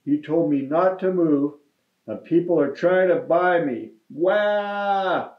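A man voicing a bold, stubborn little girl in a storybook reading, with high, squealing lines. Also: measured pace, natural voice. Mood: whiny. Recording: roomy, slightly dull recording.

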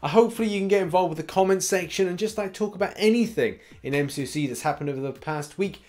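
A man's voice: high-pitched, fast talker, a little mellow. Chatty man hosting gaming news. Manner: chatty, rambling, laughs often. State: slight cough. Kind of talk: casual gaming news commentary.

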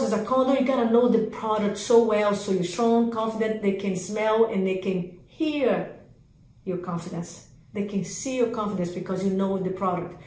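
A woman coaching real estate agents in an energetic sales training talk, speaking in emphatic, repetitive lists of commands. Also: fairly high pitch, reverberant, low-quality recording.

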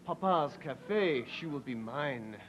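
A man's voice: fairly high pitch, expressive, slow pace, background noise. A man playing a pompous, mocking French playboy villain in a comedy sketch, with a fake French accent. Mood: sneering. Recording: dull lo-fi TV audio with music.

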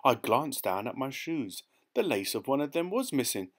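A man reading a short story aloud as an audiobook narrator, in a measured, even manner. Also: mid-range voice. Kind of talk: scripted narration.

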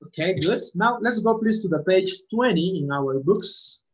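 A woman's voice: lowish voice, expressive, moderate pace. A woman English teacher giving a class, repeating words and often asking "okay?" to check understanding. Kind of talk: online class instruction. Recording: muffled lo-fi audio.

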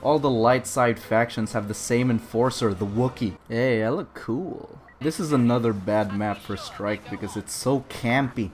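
A young man giving lively, sarcastic commentary over his own gameplay, boasting in jest and swearing freely. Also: medium pitch, a little slow, few pauses, a little hiss or hum. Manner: mock-boastful, jokes about himself. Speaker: gaming video creator.

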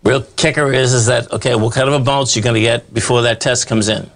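A male market analyst hosts live stock commentary over charts, his mid-range voice steady, fairly quick and a little bright. He rambles in an emphatic, folksy style, constantly saying "okay" and "bottom line."

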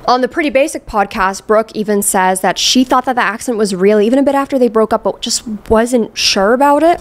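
A young woman giving casual commentary on online drama, chatty and full of filler words. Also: mid-range voice. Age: young adult. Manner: chatty, many "like" fillers, quotes people in voices. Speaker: commentary youtuber.

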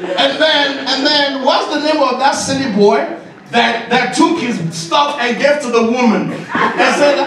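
A high-pitched man lectures a live audience as a leadership coach. He jokes, laughs and raises his voice to a shout. He is recorded from a distance in a roomy hall with noise behind him. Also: a little slow, crowd noise. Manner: animated, joking, often laughing and shouting. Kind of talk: lively masterclass talk to an audience. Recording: echoey hall, distant mic, noisy.

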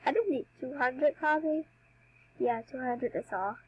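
A woman's voice: high voice, moderate pace, slightly rough, muffled recording. A young woman chatting casually while playing a dance game for her channel, a bit under the weather. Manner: chatty, giggly, self-mocking. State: slightly sick, coughing. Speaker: gaming YouTuber.

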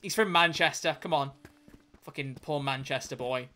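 A man chatting casually on a livestream, reading chat aloud, joking and swearing with quick self-corrections. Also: a little high, pushed and bright.

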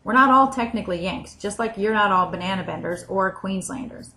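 A woman's voice: mid-range voice, fairly quick, sharp tone, slight background noise, low-quality recording. American woman vlogger, dry and sarcastic, scripted comedy list. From United States. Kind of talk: scripted comic vlog list.

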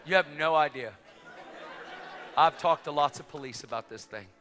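Middle-aged male preacher, bright piercing tone, animated storyteller who shouts at peaks; reverberant hall. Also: on the high side, moderate pace, a faint crowd, slight background noise. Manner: excitable, acts out dialogue, rising to shouts. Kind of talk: sermon storytelling. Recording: long reverb of a large hall.

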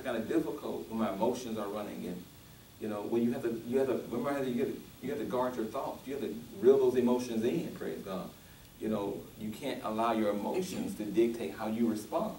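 A man's voice: lowish voice, dark tone, reverberant, recorded from a distance, a little hiss or hum, low-quality recording. A male pastor preaching a sermon, restarting often and building to emphatic, rising peaks.

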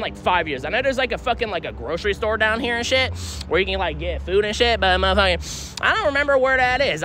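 A young man with a high, bright voice rambles in slang as he walks city streets, streaming from the phone in his hand. He swears a lot and keeps falling back on the same fillers. Faint traffic and street sounds run behind him. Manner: rambling slangy talk, heavy swearing, frequent "I don't know, homie". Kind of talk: casual live-stream vlog. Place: outdoors on city streets and a train station. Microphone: phone held while walking. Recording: faint street noise from outside.

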